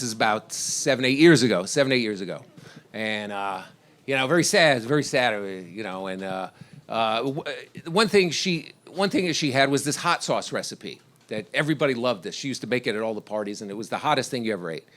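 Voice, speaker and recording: A man's voice: mid-range voice, lively intonation, fairly quick, a bit bright. A middle-aged man from Washington, D.C., doing stand-up, rambling through stories and laughing at his own lines. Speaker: stand-up comedian. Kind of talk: stand-up set.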